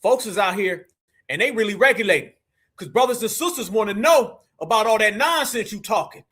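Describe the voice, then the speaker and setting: A man hosts a live stream in a fiery, preachy tone full of slang. His voice sits high and rings bright and sharp. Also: lively intonation, brisk, husky. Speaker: livestream host.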